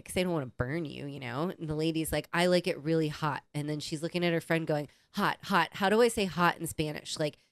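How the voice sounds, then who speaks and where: A woman co-hosting a casual podcast, telling lively stories, acting out other people's lines and laughing often. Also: sits low, clear, resonant tone, dry recording. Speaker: podcast co-host. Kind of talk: casual chat.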